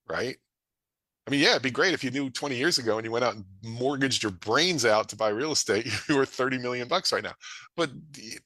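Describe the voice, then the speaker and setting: Guy mid-life, animated sing-songy delivery, bright punchy voice, dry close mic. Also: dry recording. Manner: energetic, folksy, acts out dialogue with rising pitch. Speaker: real estate investor presenting a webinar. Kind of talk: animated presentation to an audience.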